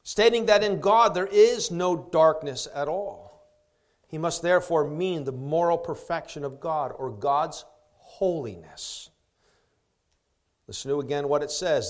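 Emphatic high-voiced male preacher. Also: lively intonation. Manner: emphatic, slows down to stress key words; rhetorical questions to the congregation. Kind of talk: expository sermon.

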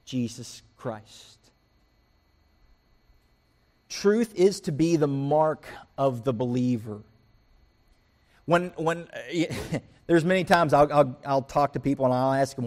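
The man preaching here speaks unhurriedly at a medium pitch. As pastor, he tells lively everyday anecdotes, performing the quoted voices of the people involved and breaking into rants.

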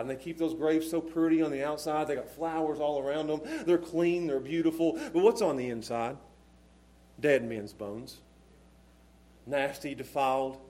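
A man preaching a sermon with passion, dropping to a hush and then rising to shouts. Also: medium pitch. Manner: impassioned, swinging from hushed to shouting.

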